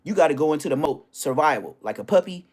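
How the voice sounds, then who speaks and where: A man hosting a livestream, telling stories in a brash, profane way, dropping to hushed asides and then bursting out loudly. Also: on the high side, expressive, quick pace. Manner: brash, profane, swings between hushed asides and loud outbursts; storytelling with boasts and street slang. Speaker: livestream host. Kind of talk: casual profane livestream rant.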